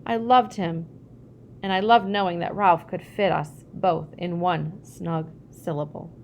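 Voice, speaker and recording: A woman reading a childhood memoir aloud, lively when she acts out family dialogue. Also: fairly low pitch, a little slow, slight background noise. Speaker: reader.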